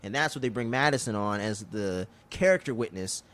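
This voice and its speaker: A man co-hosting a podcast, recapping an episode in casual chat, telling it loosely and profanely with quick impressions of the characters. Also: on the low side, animated, a bit bright. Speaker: podcast co-host.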